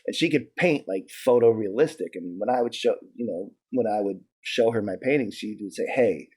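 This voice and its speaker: A man being interviewed, telling stories in a loose, profane, animated way, with lots of restarts and "like". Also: fairly low pitch, a little fast, husky. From New York. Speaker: interview guest. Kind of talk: casual storytelling.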